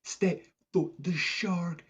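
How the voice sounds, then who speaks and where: A man putting on a high, stammering falsetto as a panicked stranded young woman, recorded with dull lo-fi sound. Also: fairly even intonation, extremely slow, breathy edge, full character voice.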